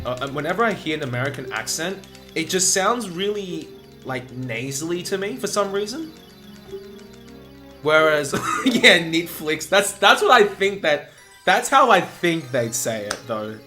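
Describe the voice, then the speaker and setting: A man's voice: on the high side, pushed and bright. A man chatting casually on his live stream, rambling and hesitant as he thinks aloud. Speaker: speedrunner streamer.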